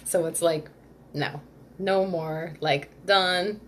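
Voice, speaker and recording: A woman's voice: on the low side, steady tone, slow pace, slight background noise. A woman hosting a live-streamed workshop in a loose, chatty way, answering viewer comments as she goes. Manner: loose and rambling, full of "like" and restarts. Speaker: Ayurveda workshop host.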